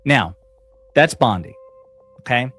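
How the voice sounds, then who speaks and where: A man's voice: mid-range voice, animated, slow pace, a bit bright. A man co-hosting a stream, setting up clips with dry, cutting commentary. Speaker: co-host introducing clips. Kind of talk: casual political commentary.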